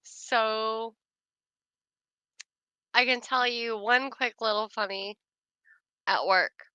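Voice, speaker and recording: Giggly bright-voiced woman telling a story. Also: a little high, fairly even intonation, very slow, smooth, dry recording, muffled recording. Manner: laughs often while telling a story; chatty, many fillers like "like". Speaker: storyteller chatting with her sister. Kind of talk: casual chat.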